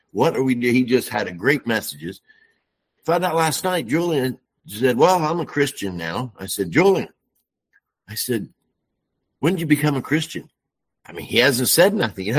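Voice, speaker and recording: Husky-voiced man telling folksy stories. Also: on the low side, a bit bright. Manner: folksy storytelling, acting out dialogue. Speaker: caller. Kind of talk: casual testimony.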